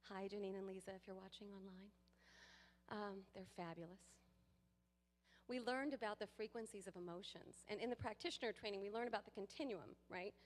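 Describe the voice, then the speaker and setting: A woman giving a sermon to a congregation, lively and playful, with laughing asides to the people in the pews. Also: medium pitch, a little fast. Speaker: guest speaker. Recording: long hall reverb.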